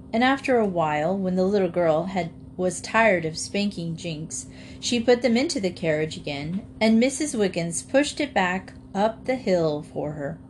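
A woman narrating a children's storybook in a gentle, lively storytelling way. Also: medium pitch, slight background noise. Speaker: audiobook reader.

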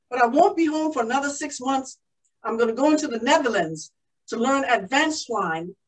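A woman's voice: high voice, recorded from a distance, low-quality recording. A woman playing a proud, emotional young woman aviator in a first-person living-history monologue. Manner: exclaiming, breathless with joy. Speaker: historical portrayal performer.

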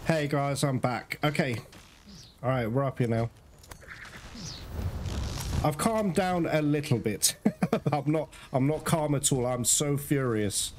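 A man's voice: mid-range voice, takes it slowly, long pauses, background noise. A man commenting live on his own gameplay, frustrated and swearing, talking straight to his viewers. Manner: frustrated, swearing, exclaiming at the game. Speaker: gaming channel host. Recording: loud game music behind voice. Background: game music.

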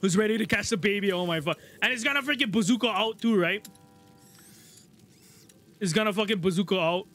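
A man streaming a video game live, excitable, swearing a lot and joking with chat. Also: high voice, fairly quick, long pauses. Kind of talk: live gameplay commentary.

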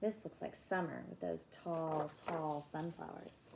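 A woman childcare teacher reading a picture book aloud to young children in an expressive storytelling voice. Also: sits low, measured pace, noisy background.

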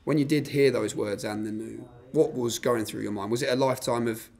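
A man's voice: medium pitch, fairly even intonation, fairly quick, gravelly, a little mellow. A man interviewing a boxer, asking long leading questions.

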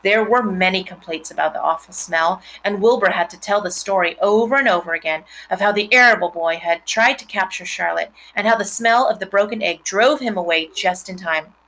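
Woman, storybook read-aloud, expressive, chatty asides, bright tone. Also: medium pitch, a little fast, hardly any pauses, poor audio. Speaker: reader. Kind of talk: reading a children's novel aloud.

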